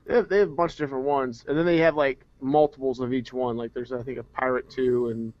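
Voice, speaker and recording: A man co-hosting a podcast explains things at length in a casual chat, rambling and hesitant. His mid-range voice is quick and fairly even in intonation, on a dry, dull lo-fi recording with no room sound.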